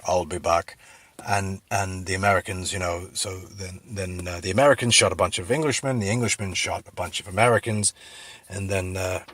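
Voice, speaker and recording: A middle-aged man telling a rambling comic story full of fillers, with a husky voice. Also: low voice, brisk, no echo. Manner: rambling, filler-heavy, deadpan, then sincere. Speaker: comedic video host.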